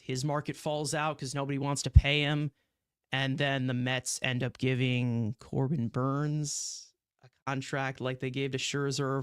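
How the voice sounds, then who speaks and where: A man's voice: a little high, smooth, dry recording, clean studio sound. A man co-hosting a sports podcast, speculating casually about baseball trades and thinking aloud with fillers. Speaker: podcast co-host.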